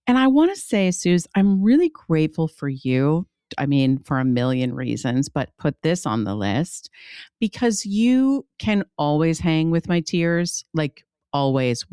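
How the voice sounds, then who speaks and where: A woman co-hosting a chatty podcast, speaking in a rather low, smooth and resonant voice. She talks in an expressive, emotional way, given to soft gasps and exclamations. The sound is close and dry, with no room around it. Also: a little slow, no echo. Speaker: podcast co-host. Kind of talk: casual podcast chat.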